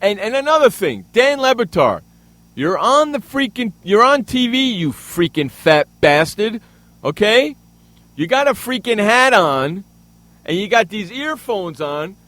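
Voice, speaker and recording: A man hosting a sports radio show, ranting angrily and loudly with plenty of profanity. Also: high voice, very animated, unhurried, dry recording. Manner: loud, angry, profane ranting. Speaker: radio host. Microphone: studio microphone.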